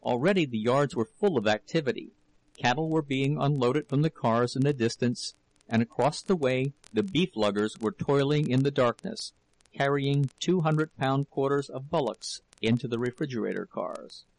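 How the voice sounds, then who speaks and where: A man narrating an audiobook of a novel in a measured, steady storytelling manner. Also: medium pitch, dry recording, low-quality recording.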